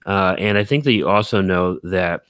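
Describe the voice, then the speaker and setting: A man's voice: low voice, normal speed, a bit bright, no echo. A man chatting casually on a live stream, reading out viewer comments, rambling with lots of fillers and self-corrections and poking fun at himself.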